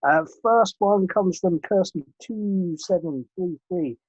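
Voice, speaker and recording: A man's voice: high-pitched, takes it slowly, a little mellow, breathy edge, no room sound, highs cut off. A man co-hosting a casual car podcast, reading out listener emails with frequent hesitant fillers. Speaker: podcast co-host.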